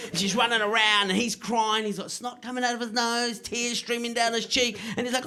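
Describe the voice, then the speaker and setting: A middle-aged man performing a stand-up comedy set, delivering deadpan punchlines and checking in with the crowd. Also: high-pitched, fairly quick, hardly any pauses.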